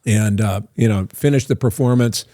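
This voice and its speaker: A man's voice: fairly low pitch, normal speed, dark tone, no echo, clean studio sound. An older man, a guest actor in an interview, telling long anecdotes in a loose, self-interrupting way. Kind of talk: casual storytelling interview.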